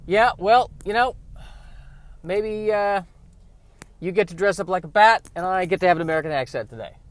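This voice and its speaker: A man's voice: no room sound, natural voice. A man voicing a fed-up butler who drops his usual accent and complains sarcastically at his boss. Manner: sarcastic, fed-up, loud and high-pitched. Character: exasperated butler talking American, middle-aged man.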